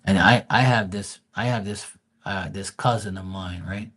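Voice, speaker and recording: A man's voice: sits low, moderate pace, a bit bright, slightly rough. A man telling stories in a casual, crude and mocking rant, full of swearing, with stammered restarts. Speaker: vlogger.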